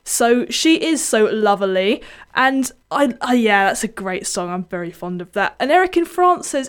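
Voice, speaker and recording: A young woman presents her music radio show in a loose, chatty way. Her voice sits a little high, and she rambles happily and pokes fun at herself as she introduces listener picks and songs. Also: expressive, normal speed, clean tone. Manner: chatty, self-deprecating, erratic.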